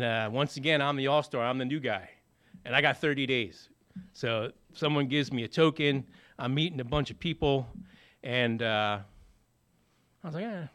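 A man's voice: medium pitch, fairly bright tone, clear, resonant tone. Guy telling his recovery story, chatty, lots of uh's, plays out the back-and-forth. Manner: conversational, many fillers, acts out quoted dialogue. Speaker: speaker sharing a recovery story. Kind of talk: personal storytelling testimony.

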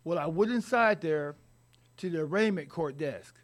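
Rambling man telling a wry life story. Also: a little high. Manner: rambling, halting, with wry humor. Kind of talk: personal recovery story told to an audience.

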